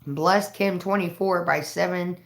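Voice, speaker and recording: Woman streamer rambling and cussing, kinda low voice, roomy echo. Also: steady tone, a little slow, vocal fry. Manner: profane, rambling storytelling. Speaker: live streamer. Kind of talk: casual livestream chat.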